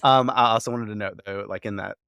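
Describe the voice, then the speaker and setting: A man's voice: on the low side, steady tone, brisk, creaky, bright, forceful tone, smooth, dry recording, studio quality. A man co-hosting a podcast, giving a loose, rambling recap full of "like" and casual swearing, laughing often. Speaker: podcast co-host recapping episodes.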